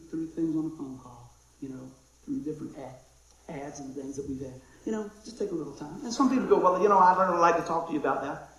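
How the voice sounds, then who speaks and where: A man preaching a conversational sermon, excitable and chatty, dropping to a hush and then shouting with excitement. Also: a little high, vocal fry. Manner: excitable, conversational, swings from loud to hushed. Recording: very echoey room.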